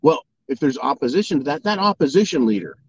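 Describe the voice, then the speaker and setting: Talking fast with big pitch swings, a man with a higher, breathy-edged voice delivers a political opinion monologue. He peppers listeners with rhetorical questions and keeps asking "right?", and the recording is dry, dull, lo-fi, and free of room sound.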